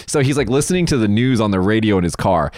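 A man from the United States rambles through a story in a casual chat. His voice swings widely in pitch, and he swears freely. The sound is close and dry. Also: quick pace, no echo. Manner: animated, profane, rambling.

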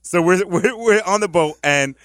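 A man's voice: sits high, moderate pace, no room sound, studio quality. A man co-hosting a podcast, bantering crudely and ranting in a brash, teasing way. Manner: brash, teasing, loud rants. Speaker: podcast co-host.

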